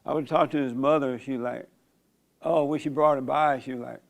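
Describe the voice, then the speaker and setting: A man's voice: medium pitch, fairly even intonation, normal speed, creaky. An older man, a pastor and host, giving a casual church talk and telling stories with a joking manner and frequent laughs. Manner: joking storyteller, laughs often.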